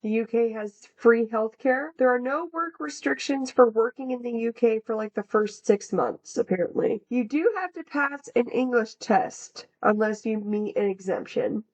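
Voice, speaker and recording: A woman's voice: a little high, normal speed, hardly any pauses, darkish tone. A young American woman co-hosting a podcast, reading researched facts in a casual, chatty way with plenty of fillers. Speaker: podcast co-host. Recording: dull lo-fi sound.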